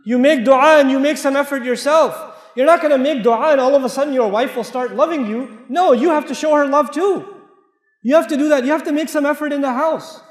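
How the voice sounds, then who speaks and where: A man's voice: extremely high pitch, fairly quick. A man with an American accent preaching a joking, direct sermon to families. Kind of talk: humorous sermon. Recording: echoey hall with long reverb.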